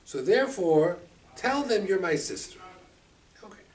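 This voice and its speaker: A rabbi teaching a Torah class, lively and expressive, acting out the quotes and mixing in Hebrew terms. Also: male voice, high voice, measured pace. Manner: animated, acts out quotes, mixes Hebrew terms. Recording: distant mic with faint room ambience.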